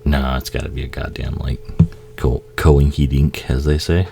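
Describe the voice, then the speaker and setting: Very deep-voiced man riffing on a movie. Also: flat delivery, creaky, warm tone, faint music behind. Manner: profane, laughing, acts out characters in quick asides. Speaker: movie commentary host. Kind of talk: casual movie commentary.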